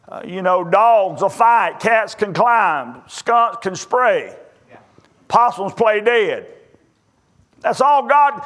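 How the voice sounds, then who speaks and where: A man preaching with a notably high voice, spinning homespun jokes and stories before turning to scripture. His delivery is folksy and down to earth, the easy manner of a pulpit storyteller. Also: sharp tone. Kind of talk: sermon.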